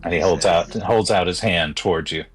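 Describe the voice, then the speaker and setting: A man's voice: low voice, faint music behind, poor audio. A man narrating a tabletop game as game master. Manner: slow, descriptive narration.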